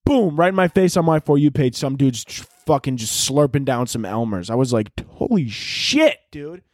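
A man hosting a podcast alone, rambling through a crude comedic monologue and jumping into loud shouted bits. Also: mid-range voice, brisk, no room sound. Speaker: podcast host.

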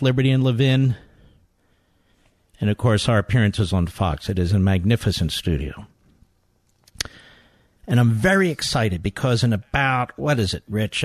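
A man hosting a talk radio show, delivering a combative monologue full of sarcastic insults, growing loud and heated. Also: mid-range voice, no room sound. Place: radio studio. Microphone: studio microphone.

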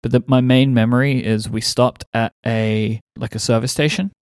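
A man chatting on a podcast, relaxed and telling stories. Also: medium pitch, moderate pace, clean tone, no room sound, studio quality. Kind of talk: casual podcast chat.

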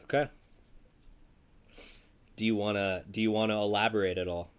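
A man's voice: fairly low pitch, fairly even intonation, normal speed, clean tone. A man co-hosting a sports podcast, talking casually and rambling with lots of fillers and restarts. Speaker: podcast co-host.

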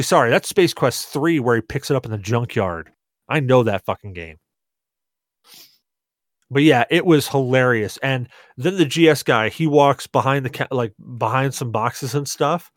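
Tipsy, laughing podcast host telling stories. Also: male voice, mid-range voice, a little slow, no room sound, clean studio sound. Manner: animated, laughing, heavy swearing. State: tipsy from rum. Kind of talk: casual storytelling chat.

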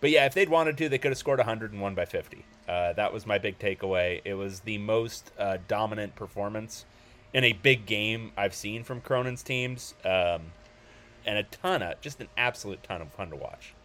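Casual low-voiced male sports podcaster. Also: normal speed, fairly bright tone. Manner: hesitant, many ums and restarts.

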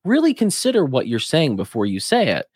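A man's voice: a little high, huge pitch swings, fairly quick, a little mellow, breathy edge, no echo. Emphatic man on a dry podcast mic. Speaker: podcast co-host. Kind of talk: casual political chat.

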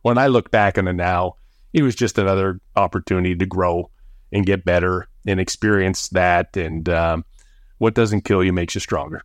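Man, middle-aged, from Canada, interview guest, deep voice, dry close sound, animated storyteller. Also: normal speed, no echo. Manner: animated, acts out quoted voices when recounting. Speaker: former pro football player, interview guest.

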